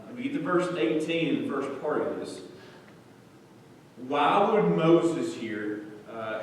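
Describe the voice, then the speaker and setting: A man's voice: mid-range voice, slight background noise. Male Bible teacher, mid-range voice, casual questioning delivery, recorded from a distance in a very echoey sanctuary. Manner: conversational, asks the congregation questions, frequent "um" and "okay?". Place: church. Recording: echoey church hall, mic far off.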